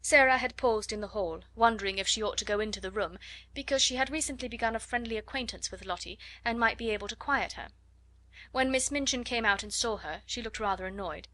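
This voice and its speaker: A woman reading a classic children's novel aloud as an audiobook narrator, in measured, expressive storytelling. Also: on the high side, no echo. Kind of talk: scripted narration.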